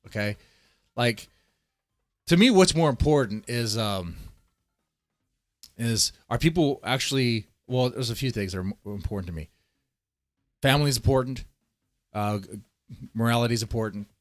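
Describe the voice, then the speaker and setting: A man's voice: medium pitch, expressive, moderate pace, long pauses, dry recording. A man streaming live, rambling through casual, profane commentary and talking straight to his chat. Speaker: streamer reacting to a video.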